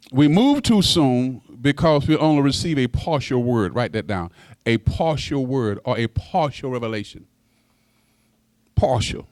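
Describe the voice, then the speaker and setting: A pastor in his sixties preaching a folksy sermon straight to his congregation. His voice swoops up high when he presses a point, and he stammers over repeated words as he builds. The sound is dry and close, with a mid-pitched tone. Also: no room sound. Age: 60s.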